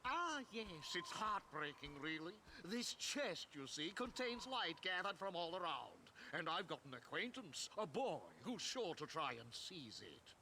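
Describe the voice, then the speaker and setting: An actor playing a pompous, blustering pirate captain in a video game, theatrical and imperious. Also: male voice, fairly high pitch, sing-song, a little slow, few pauses, bright, forceful tone, slight background noise, exaggerated voice, rough recording. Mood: sly.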